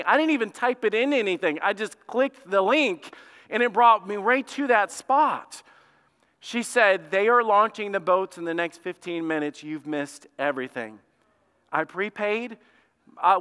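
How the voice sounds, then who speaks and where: Bright-voiced pastor in a reverberant hall. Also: male voice, sits high, clean tone. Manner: animated, acts out both sides of his own story. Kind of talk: storytelling sermon. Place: church sanctuary.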